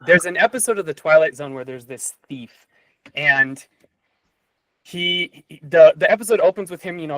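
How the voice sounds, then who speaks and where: A man on a casual podcast, telling a story with lively delivery and plenty of fillers. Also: a little high, dry recording, poor audio. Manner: animated storyteller with frequent fillers. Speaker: podcast guest or host.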